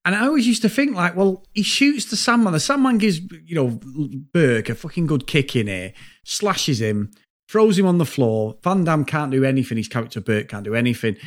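A man co-hosting a podcast, chatting casually about a film in a rambling, sweary, animated way. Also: fairly high pitch, normal speed. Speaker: podcast co-host. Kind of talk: casual film review chat.

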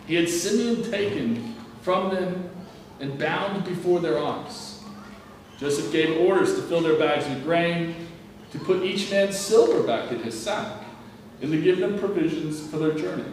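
A man reading a Bible passage aloud in a measured, plain way, sometimes stumbling and restarting a phrase. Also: on the high side. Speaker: scripture reader. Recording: very echoey room, distant mic, faint ambient noise.

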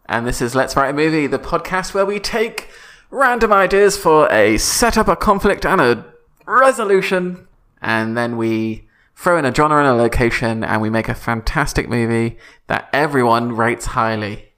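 A man's voice: mid-range voice, animated, moderate pace, fairly bright tone. A man hosting a comedy podcast in casual, playful chat, laughing often. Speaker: podcast host.

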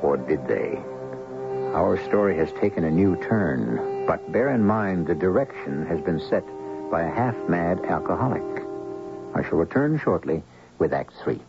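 A man narrating and hosting a radio mystery drama in a measured, ominous way. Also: sits low, big pitch swings, vocal fry, heavily acted. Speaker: narrator and host. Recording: dull old radio recording with loud music.

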